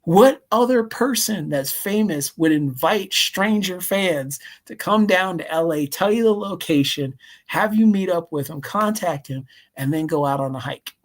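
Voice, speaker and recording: A man, a convention vendor guest, telling a story on a live call in an animated way, acting out voices and saying "see?" again and again. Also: high-pitched, unhurried.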